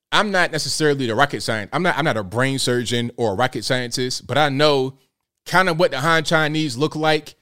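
A man's voice: medium pitch, pushed and bright, smooth. A man hosting a live show, talking in a casual, blunt, rambling way and riffing with rhetorical questions. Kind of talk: casual livestream commentary.

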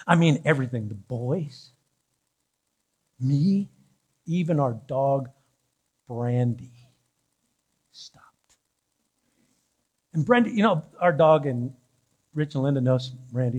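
A pastor preaching a sermon in a church, telling an animated, joking personal story. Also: male voice, fairly high pitch, slightly rough.

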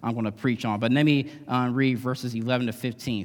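A man's voice: medium pitch, steady tone, brisk. A male guest preacher giving a conversational, emphatic sermon in a church, often adding tag questions. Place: church sanctuary. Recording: long hall reverb.

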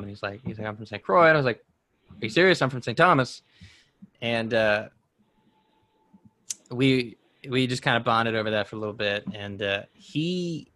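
A man's voice: mid-range voice, bright, forceful tone, no echo. A man in his twenties chatting casually as a podcast co-host, rambling through a personal story with many restarts. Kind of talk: casual chat.

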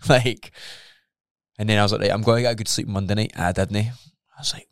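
A man's voice: fairly low pitch, fairly even intonation, fairly quick, a bit bright, dry recording, studio quality. A Scottish man co-hosting a podcast, telling a personal story openly and emotionally, swearing often. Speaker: podcast co-host. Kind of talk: candid podcast conversation.

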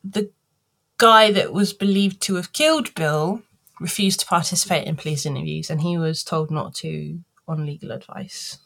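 A chatty woman narrates a true-crime case in casual podcast talk. Her voice sits on the low side and she lifts into animated bits when acting out the people involved. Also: moderate pace, creaky. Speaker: podcast host and storyteller.

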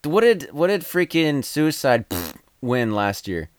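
A man co-hosting a podcast in casual chat, wry and dry, often trailing off quietly. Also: mid-range voice, very animated, a little slow, no room sound. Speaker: podcast co-host.

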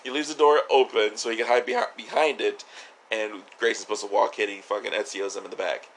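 A man's voice: fairly low pitch, steady tone, quick pace, a bit bright, slight background noise. A man co-hosting a podcast, chatting casually about a TV episode, jokey, swearing and laughing often. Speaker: podcast co-host. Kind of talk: casual chat reviewing a TV episode.

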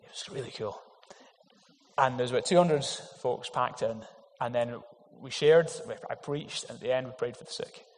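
With a medium-pitched voice at a moderate pace, a male pastor preaches earnestly and emphatically, asking the congregation rhetorical questions. His sermon echoes with long hall reverb.

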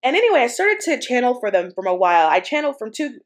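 A woman's voice: a little high, sing-song, fast talker. A woman casually telling a personal spiritual story. She rambles, often saying "like" and "um" and restarting her sentences. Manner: rambling, many fillers and restarts. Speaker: spiritual channeler.

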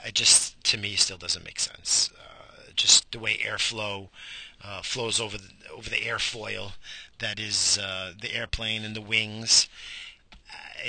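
A man's voice: lowish voice, creaky, pushed and bright, no room sound. A middle-aged man hosting an internet radio show, rambling alone in a goofy, profane, self-mocking way. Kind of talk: rambling solo monologue.

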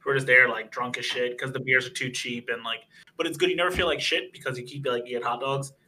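A man's voice: steady tone, fast talker, pushed and bright, slight background noise, poor audio. A young man telling a long, rambling bar story on a casual podcast, swearing freely. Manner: acts out other people's lines in higher voices. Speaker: podcast co-host.

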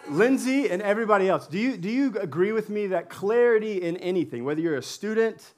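A man with a fairly high voice preaches a sermon in a church. He sounds relaxed and playful, chatting with the congregation and laughing as he goes. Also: brisk, a crowd in the background. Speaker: pastor. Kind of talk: sermon with audience interaction.

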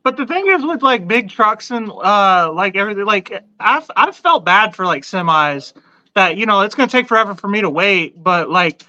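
A man's voice: sits high, animated, moderate pace, bright, forceful tone, dry recording, muffled recording. A male podcast guest chatting loosely, full of fillers and laughs, swearing freely. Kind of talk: casual podcast banter.

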